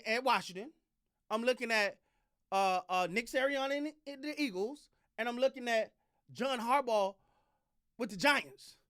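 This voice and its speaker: A man hosting a casual sports commentary channel, talking in an animated, repetitive way with slang and short laughs. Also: very high voice.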